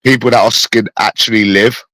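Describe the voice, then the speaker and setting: A man's voice: lowish voice, fairly even intonation, a little fast, bright, forceful tone, no room sound, low-quality recording. A man with a phlegmy cough, ranting in a repetitive, rambling, profane casual monologue. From London.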